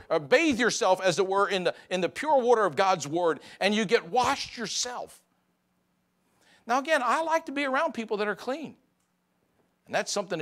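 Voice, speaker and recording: A male pastor delivers a Sunday sermon in a church sanctuary, talking to the congregation in a conversational way. His voice sits high for a man and swings widely, climbing for emphasis and then sinking low and quiet. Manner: conversational preaching, rising for emphasis and dropping low.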